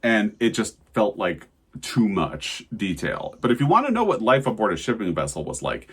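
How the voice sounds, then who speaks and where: A man's voice: fairly low pitch, very animated, moderate pace, fairly bright tone, husky. A man co-hosting a casual book review chat, summarizing in detail and giving frank opinions. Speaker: book channel co-host.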